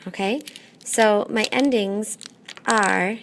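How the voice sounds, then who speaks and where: A woman teaching a classroom lesson, patient and methodical, often pausing to check in. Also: medium pitch, slight background noise. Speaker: Spanish teacher.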